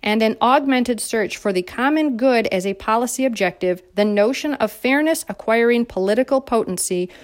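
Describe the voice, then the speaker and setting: A woman's voice: a little high, moderate pace, hardly any pauses. Woman ranting to her viewers, sarcastic and fired up. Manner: sarcastic, indignant, mocking. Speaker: political commentator. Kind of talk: opinionated monologue to viewers.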